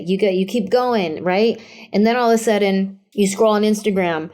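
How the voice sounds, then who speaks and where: An animated woman comedian in her thirties talks openly as an interview guest. Her voice sits at an ordinary middle pitch. She tells her stories with energy and slips into quick acted-out lines. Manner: candid, animated storyteller who acts out quotes. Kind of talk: casual interview chat.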